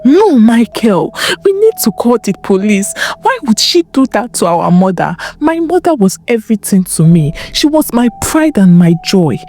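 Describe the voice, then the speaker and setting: A woman's voice: a little high, big pitch swings, normal speed, dark tone. A woman voicing a distraught young woman, angry and grieving, whose pleading words break into whispers. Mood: furious.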